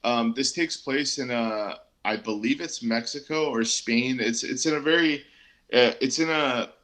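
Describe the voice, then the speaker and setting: A man's voice: medium pitch, measured pace, a bit bright. A man co-hosting a casual comic book review chat, easygoing and hesitant, with many ums and restarts.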